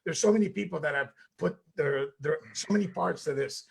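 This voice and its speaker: High, gravelly Canadian man hyping a team. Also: fairly quick. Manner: animated, emphatic. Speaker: co-host. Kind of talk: enthusiastic livestream pep talk.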